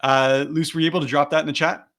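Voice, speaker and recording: Leading an online sales lesson live on a video call, a man lays out the steps and then demonstrates the wording he suggests. He speaks fast in a flat, fairly bright voice on the high side.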